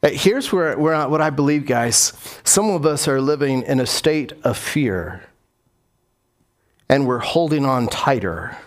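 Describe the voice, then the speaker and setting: A man's voice: mid-range voice, animated, unhurried. A man preaching a sermon as pastor, repeating key phrases for emphasis and putting questions to his congregation.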